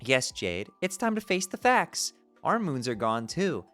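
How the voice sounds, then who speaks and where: Man voicing a playful royal sea-troll girl; lively, sing-song delivery, glubs a lot, soft music bed. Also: medium pitch, unhurried. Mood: airy explaining. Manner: perky, playful, drops "glub" into speech. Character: bubbly regal teen alien sea-troll princess. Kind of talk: reading a webcomic aloud.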